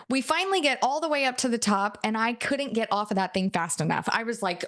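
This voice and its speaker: High-voiced woman coaching a live audience. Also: expressive, normal speed. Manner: chatty storyteller, keeps checking in with the audience. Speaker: NLP and hypnosis coach.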